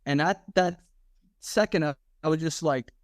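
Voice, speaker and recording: A man in his thirties with a somewhat high voice tells a story in a slangy, animated way, acting out what people said. The sound is close and dry, with no room around it. He talks like a podcast guest telling his own story. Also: normal speed, no echo. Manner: animated, slangy, acts out quoted dialogue. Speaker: podcast guest, former police officer. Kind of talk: casual storytelling interview.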